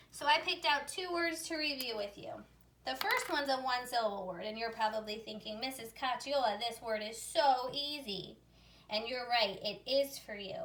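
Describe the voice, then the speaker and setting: A woman teaching a phonics lesson to young readers, slowly sounding out letters and syllables in an upbeat way. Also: a little high, a bit bright, far from the mic. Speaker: reading teacher.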